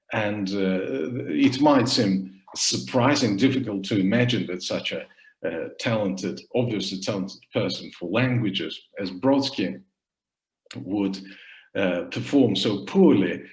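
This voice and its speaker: A man gives an academic lecture in a fairly low voice, taking his time. He speaks haltingly, with many fillers and restarts. The sound is echoey, as if from a roomy space. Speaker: academic presenting his book at a seminar.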